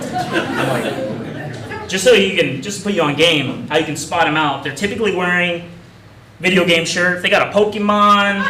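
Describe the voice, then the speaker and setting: A man's voice: sits high, recorded from a distance. A young man performing a stand-up comedy set on a club stage, talking in a casual, rambling, self-mocking way. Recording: echoey club room from afar, audience noise. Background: audience laughter.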